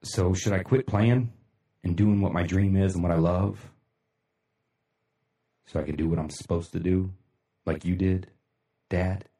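Deep-voiced blunt profane man, echoey room. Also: steady tone, measured pace, pauses often, warm tone, recorded from a distance. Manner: blunt, profane, rambling, laughs often. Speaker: livestream host. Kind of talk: casual motivational livestream talk.

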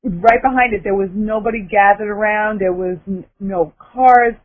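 A woman's voice: mid-range voice, normal speed. A woman caller telling a dramatic personal story, emphatic and breathless in the telling. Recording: tinny phone line.

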